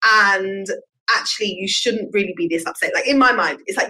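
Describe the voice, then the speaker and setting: A woman's voice: mid-range voice, normal speed, pushed and bright, low-quality recording. A woman, hosting a solo podcast in an earnest, reflective way with personal examples. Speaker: podcast host.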